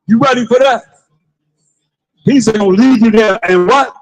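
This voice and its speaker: A man street preaching to passers-by, with forceful call-and-response, repeated phrases and bursts of shouting. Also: extremely high pitch, normal speed, poor audio. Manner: forceful call-and-response, commands a reader to read.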